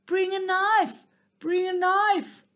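A woman's voice: high voice, big pitch swings, slow, voice pushed up, exaggerated voice. A woman voicing a proud, selfish little male mouse who gives orders and sneers. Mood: commanding. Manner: commanding, sneering.

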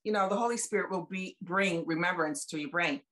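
A guest speaker in her seventies, talking a little fast in a fairly low, slightly bright voice, shares her faith testimony by video call. She's warm and conversational, retelling exchanges with plenty of emphasis.

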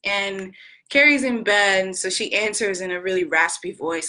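A woman vlogger talking in an earnest, gentle way, retelling a scene and acting out its quoted lines. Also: medium pitch, unhurried, poor audio. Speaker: inspirational vlogger. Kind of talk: heartfelt storytelling monologue.

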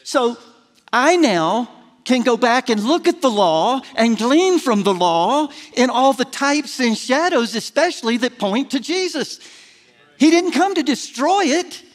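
A man's voice: very high-pitched, expressive, a little slow. A middle-aged man preaching a folksy, self-deprecating sermon to a church congregation, building to emphatic peaks. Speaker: pastor. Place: large church sanctuary. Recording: long hall reverb of a church.

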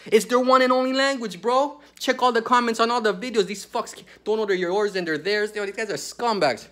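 A man's voice: sits high, fairly quick, hardly any pauses, fairly bright tone. A man ranting through a crude, heated story and tossing in "bro" constantly. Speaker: vlogger telling a prison story. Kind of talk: profane storytelling rant.

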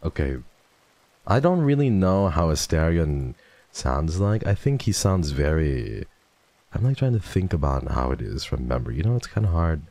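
Deep gravelly playful male streamer. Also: very animated, moderate pace, warm tone, no room sound. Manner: playful, teasing, swears freely, slips into theatrical voices. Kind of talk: casual live-stream chat, thanking viewers. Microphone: desk microphone.

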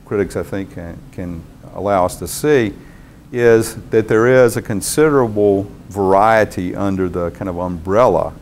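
Guy lecturing a class, kinda low voice, slow and thoughtful, lots of pauses. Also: gravelly, darkish tone, a little hiss or hum. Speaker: university professor. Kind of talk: university lecture.

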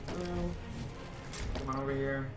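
A man's voice: mid-range voice, fairly even intonation, unhurried. A man playing a co-op video game, joking around, swearing often and laughing a lot. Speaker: co-op game player. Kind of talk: casual gaming chat with swearing. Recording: echoey room with game music behind.

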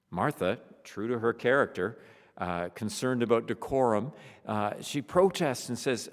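A man delivering a funeral sermon as pastor, expressive, sometimes dropping to a hushed near-whisper. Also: mid-range voice, normal speed. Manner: expressive preaching, drops to a hushed near-whisper on solemn words. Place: church sanctuary. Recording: long church reverb.

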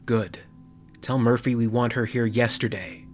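A man's voice: mid-range voice, fairly even intonation, unhurried, slight background noise, close to an everyday voice. A man voicing a commanding, impatient male marine captain who barks orders. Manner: barking orders, clipped military talk.

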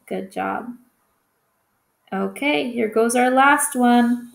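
Slow, patient woman teaching phonics. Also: a little high, creaky, reverberant. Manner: slow, patient, stretches out vowel sounds. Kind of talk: phonics lesson for young children.

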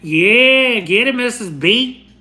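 Over poor audio, a young woman with a fairly high, sharp voice and lively intonation speaks slowly. Spanish is her first language, and on her casual livestream she reads out fan messages warmly, addressing viewers as honey and my love while chattering, restarting, and laughing.

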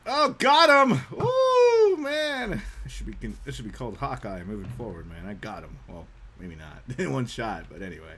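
A young man live-streaming a game, chatting casually, saying "man" often and breaking into loud yelps. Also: low-pitched, animated, a little fast. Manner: laid-back, says "man" a lot, bursts into loud yelps.

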